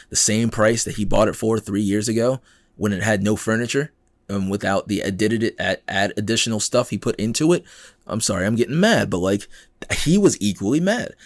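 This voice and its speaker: A man's voice: fairly low pitch, no room sound, studio quality. A man hosting a podcast, talking through news stories in a casual, exasperated way and acting out the people he quotes. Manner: animated and exasperated, acts out quoted people, swears freely. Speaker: podcast host.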